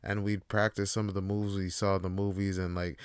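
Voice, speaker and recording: A man's voice: deep voice, little pitch movement, fairly quick, clean tone, dry recording, clean studio sound. Laid-back profane male podcast host. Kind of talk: casual monologue.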